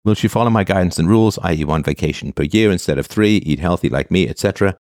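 A man's voice: low voice, quick pace, a little mellow, no room sound, studio quality. A man in his fifties casually reading posts aloud and commenting on them, with frequent "uh" and restarts. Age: 50s. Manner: reads a line then comments, with frequent "uh" and restarts.

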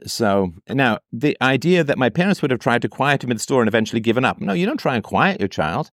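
A man's voice: mid-range voice, no room sound, studio quality. A man reading a text aloud and cutting in with sarcastic, emphatic commentary, often repeating phrases for effect.

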